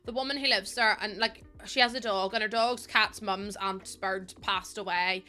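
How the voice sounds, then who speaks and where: A woman's voice: mid-range voice, steady tone, normal speed, sharp tone, faint music behind. A woman in her twenties with an Irish accent, chatting casually and rambling, often laughing, while streaming a game. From Ireland. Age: 20s. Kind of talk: casual chat while gaming. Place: at home.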